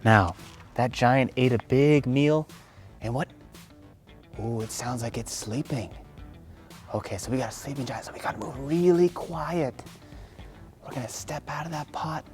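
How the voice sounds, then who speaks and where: A woman leading a children's yoga lesson through a story, animated and playful, gasping with excitement. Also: low voice, a little slow, long pauses, faint music behind. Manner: animated, playful, lots of gasps. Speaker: kids' yoga teacher.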